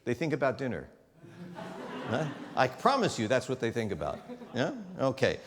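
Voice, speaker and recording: Coaching players in a chamber music master class, a man speaks animatedly at a moderate pace in a mid-range voice. He talks with his hands in phrases and acts out small quoted lines. The setting is a concert hall or large music-school studio, with long hall reverb and a noisy background.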